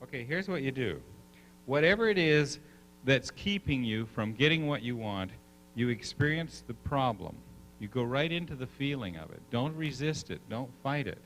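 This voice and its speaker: A man addresses a live seminar audience, warming them up with quick questions before launching into stories. His voice is mid-pitched and rises and falls freely as he talks. A faint hum sits under the recording. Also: low-quality recording. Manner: animated storyteller, coaxing the crowd with questions. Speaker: seminar speaker.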